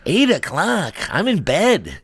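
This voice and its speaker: A man's voice: a little high, fairly bright tone, breathy edge, dry recording. A man hosting a podcast, telling stories in casual chat and laughing often. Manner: storytelling with lots of laughter. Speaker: podcast host.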